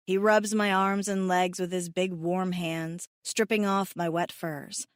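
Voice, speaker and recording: A woman reads a first-person romance audiobook with an emotive, self-mocking delivery that leans tearful. Her voice sits at a middling pitch. The recording is dry and close, with no room sound. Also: dry recording. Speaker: audiobook narrator.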